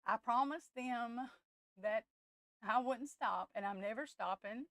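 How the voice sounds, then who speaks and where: In a dry recording, a woman with a somewhat high voice runs an emotional tarot livestream chat. Near tears and impassioned, she halts, restarts, and speaks to her audience as "y'all."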